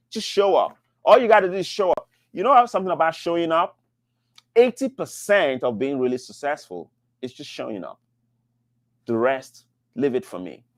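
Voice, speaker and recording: On a live business-mentoring show, a man fields questions with an emphatic, repetitive motivational sales pitch. The audio is studio quality, with no echo.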